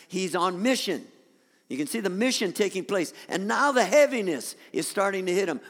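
A man preaching a sermon, reading scripture dramatically and turning to the congregation with conversational asides. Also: high voice. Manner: dramatic scripture reading, rising to near shouts. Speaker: pastor. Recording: long hall reverb.

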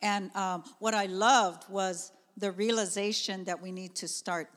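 A middle-aged woman, preaching a sermon in a conversational, animated way with chatty asides. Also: medium pitch, unhurried. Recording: long reverb of a church hall.

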